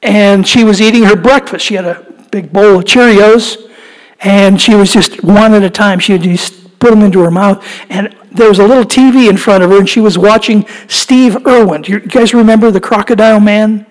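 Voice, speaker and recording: Guy preaching, high voice, lively storytelling, big echoey hall sound. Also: moderate pace. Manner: animated storytelling, rising to impassioned pleading. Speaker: pastor. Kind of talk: sermon. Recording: long hall reverb.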